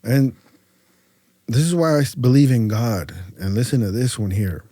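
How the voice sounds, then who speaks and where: A man from California's Central Valley, a podcast guest telling stories in a casual way, acting out both sides of his conversations with lively voices and often stumbling over and repeating his words. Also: medium pitch, normal speed, dry recording. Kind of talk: casual storytelling.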